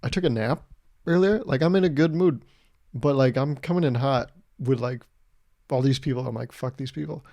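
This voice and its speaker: Mellow-voiced man ranting on a podcast. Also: medium pitch, moderate pace, dry recording. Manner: profane, exasperated ranting with lively swings. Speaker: podcast host. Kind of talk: casual comedic solo rant.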